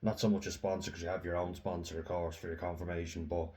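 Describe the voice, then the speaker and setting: A man's voice: low voice, little pitch movement, fast, darkish tone. A tired young Irish man talking casually to camera, chatty and rambling with lots of fillers. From Ireland. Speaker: vlogger.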